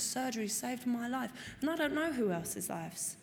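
A woman's voice: fairly high pitch, lively intonation, moderate pace, vocal fry, hardly any pauses, a little hiss or hum. Candid woman sharing in a hall. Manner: earnest and candid, swears freely, repeats for emphasis. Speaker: speaker sharing at a recovery meeting. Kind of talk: personal testimony to a group. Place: meeting room. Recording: long reverb of a meeting hall, faint room ambience.

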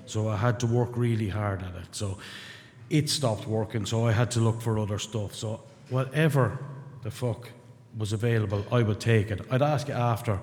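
A man's voice: on the low side, fairly even intonation, normal speed, darkish tone. A middle-aged Irish man from rural Ireland, sharing his story at a recovery meeting in a blunt, candid way, with swearing and wry self-mocking humor. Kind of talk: personal testimony to a group. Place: meeting room. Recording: long hall reverb.

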